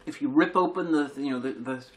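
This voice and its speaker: A man chatting casually as host of a tasting video, making dry, deadpan jokes. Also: fairly high pitch, fast, poor audio. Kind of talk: casual chat.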